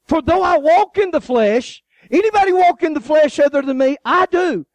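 High-voiced, animated man preaching with humor. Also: normal speed, no echo. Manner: animated, joking storytelling with laughs and acted-out voices. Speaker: guest preacher. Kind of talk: sermon.

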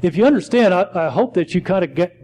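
A man teaching a Bible study in a halting way, often stumbling and correcting himself as he reads and explains. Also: high-pitched, animated, warm tone, rough recording.

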